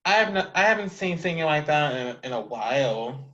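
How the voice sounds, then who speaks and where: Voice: mid-range voice, expressive, fairly quick, a bit bright, muffled recording. An interview host who talks casually and with eager enthusiasm while thanking and praising a guest. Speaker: podcast host.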